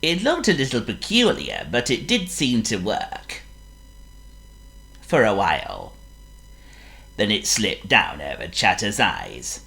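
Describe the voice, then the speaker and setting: Very deep-voiced woman reading a storybook. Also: slow pace, creaky, long pauses. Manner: playful, expressive reading aloud.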